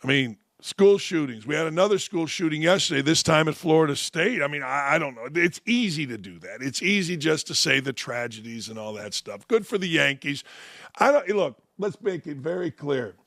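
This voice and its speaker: An older man hosts a sports talk show, talking straight into a close studio mic. His voice sits a touch high for a man and carries a gravelly, creaky edge. He drifts between dry sarcasm and mock outrage, and the sound is dry and close. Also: brisk, hardly any pauses, no echo. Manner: sarcastic, mocking, animated with voiced asides. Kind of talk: opinionated talk monologue.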